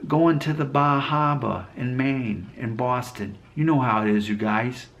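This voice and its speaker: A man putting on an exaggerated impression of a man with a Boston accent, stretching the words out slowly. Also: medium pitch, creaky, a bit bright.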